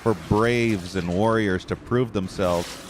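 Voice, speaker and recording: A man's voice: fairly low pitch, fairly even intonation, slow, soft background music. A man giving live gameplay commentary, swearing and ranting in frustration at the game. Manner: profane, ranting, easily frustrated. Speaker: gameplay streamer.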